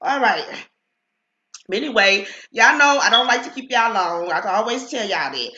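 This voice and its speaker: A woman's voice: fairly high pitch, expressive, brisk, pushed and bright, echoey room, muffled recording. A middle-aged woman hosting a casual live stream from home, chatty and greeting viewers by name, with a lingering cough. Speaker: livestream host. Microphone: computer webcam mic.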